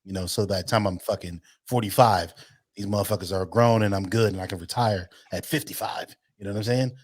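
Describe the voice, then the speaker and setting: A man's voice: on the low side, fairly even intonation, fairly quick. A man in his thirties co-hosting a podcast, telling stories in a blunt, profane, casual way. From United States. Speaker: podcast co-host. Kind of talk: casual chat.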